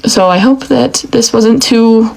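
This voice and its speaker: A woman's voice: a little high, slow pace, creaky, darkish tone, poor audio. A young woman giving an angry, emotional rant, swearing often. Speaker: commentator. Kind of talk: heated rant.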